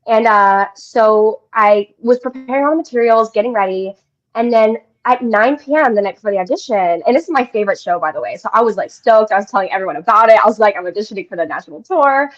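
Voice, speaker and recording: A young woman from the Denver area, a guest actress in a casual radio interview, bubbly and quick to laugh as she tells stories. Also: on the high side. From Denver area, Colorado. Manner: bubbly, laughs often, storytelling. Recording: slightly dull lo-fi sound.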